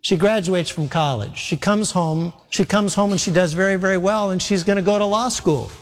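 A man's voice: sits high, a little fast. Man, pastor, sermon, earnest exhorting delivery, acts out story dialogue, long hall reverb.

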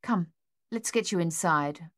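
A woman's voice: on the low side, unhurried, fairly bright tone, no echo, studio quality. A woman voicing a worried teenage boy, anxious and caring toward his mother.

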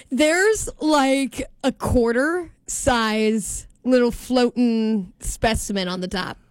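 A woman's voice: fairly high pitch, no room sound, studio quality. A woman co-hosting a radio morning show, chatting casually and teasing her co-host. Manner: teasing, playful. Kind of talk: casual chat. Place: radio studio.

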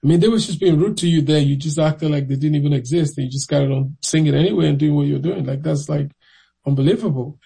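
A man recounts his past in loose, casual storytelling, slipping into lively impressions of the people he met. His voice sits fairly high for a man, yet it is dark and gravelly, with a husky edge. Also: fast, rough recording. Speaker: interviewee.

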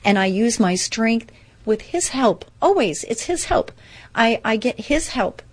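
A woman's voice: fairly high pitch, expressive, a little slow, slightly rough. A woman sharing a personal recovery story in a casual, earnest, upbeat way, full of fillers and restarts.

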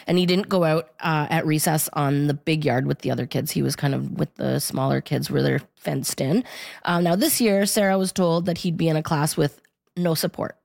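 Woman reporter, low gravelly voice, measured and informative, dry close sound. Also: steady tone, darkish tone, no echo. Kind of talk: radio report in conversation.

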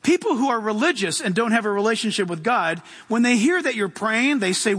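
A man preaching a sermon as pastor, animated, swinging from loud outbursts to hushed quiet. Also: sits high, brisk, hardly any pauses, big-room sound.

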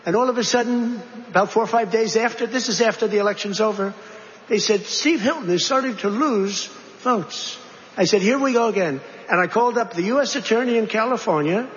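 A man's voice: sits high, quick pace, a little hiss or hum. A man giving a rambling political speech, full of repetitions and conversational asides. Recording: reverberant hall, dull lo-fi sound.

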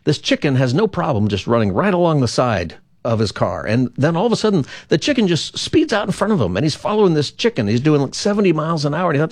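A man's voice: medium pitch, big pitch swings, fast, hardly any pauses, dry recording, clean studio sound. A man hosting a live call-in radio show, jovial and telling jokes.

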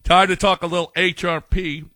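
A man's voice: sits high, little pitch movement, normal speed, pushed and bright, no room sound. A man co-hosting a sports show, chiming in with wry, brief remarks. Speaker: radio sports show host. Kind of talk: casual sports banter.

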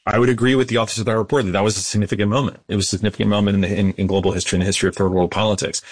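A man explaining history at length in an interview, measured, with frequent restarts. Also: lowish voice, fairly even intonation, slightly rough, dry recording. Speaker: guest historian. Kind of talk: interview answers.

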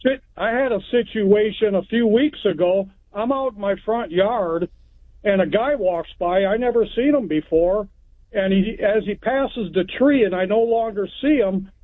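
A man from Texas calls in to a radio show and tells a rambling, plain-spoken story. His voice sits high, and it comes through a tinny, dry phone line. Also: moderate pace, no room sound. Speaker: caller. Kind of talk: telling a story on a call-in show.

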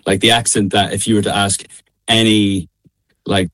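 Irish midlands accent, young man, lowish voice, relaxed chatty guest, quick to laugh. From Ireland. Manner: laid-back, laughs often. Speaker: guest singer. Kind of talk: casual radio interview.

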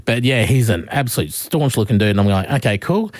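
Animated man telling a story. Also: fairly low pitch, a little fast, no room sound, clean studio sound. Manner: animated storytelling, laughs often. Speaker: radio host. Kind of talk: casual chat.

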